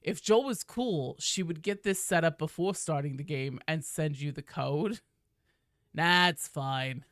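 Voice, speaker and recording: A woman's voice: low voice, unhurried, no room sound, clean studio sound. A woman streaming a game and chatting loosely with her viewers, swearing often. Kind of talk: casual live-stream chat.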